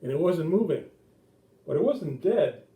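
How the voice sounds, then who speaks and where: A middle-aged man tells a story to kids in a church message. His voice is soft and mellow, and he keeps the words plain and gentle. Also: fairly high pitch, very animated, measured pace. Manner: gentle, simple explanations for kids, acts out voices. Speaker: children's pastor. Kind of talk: children's sermon storytelling.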